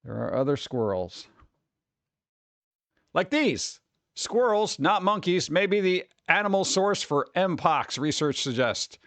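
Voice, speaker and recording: A man's voice: sits high, big pitch swings, slow, fairly bright tone, no room sound. A man hosting a casual live stream, rambling and joking as he chats with his viewers on a close desk mic. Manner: rambling, joking, talks to chat. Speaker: streamer host.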